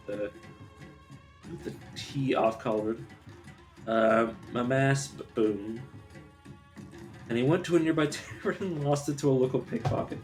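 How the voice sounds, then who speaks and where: A man's voice: mid-range voice, measured pace, long pauses, darkish tone, soft background music. A man streaming a video game live, chatting casually in a rambling, profane, self-interrupting way.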